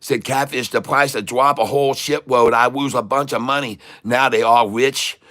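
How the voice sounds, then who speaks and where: A man's voice: medium pitch, fairly even intonation, normal speed, pushed and bright, natural voice. A man putting on a boastful broken-English stock guru. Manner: clipped broken grammar, boastful. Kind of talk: comic put-on voice on a livestream.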